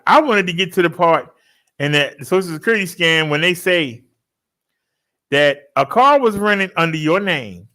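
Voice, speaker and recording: A man telling a story to his followers in a casual, joking way, laughing often and switching into high mimicking voices. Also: fairly bright tone. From Baltimore, US. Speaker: fitness vlogger telling a story.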